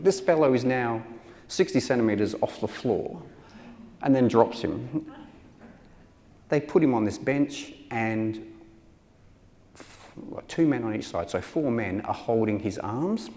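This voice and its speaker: A man's voice: lowish voice, a little mellow. A man giving a public talk as a taxidermist, telling a wry, self-deprecating story. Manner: wry, self-deprecating, acts out quoted voices. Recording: hall reverb with faint ambience.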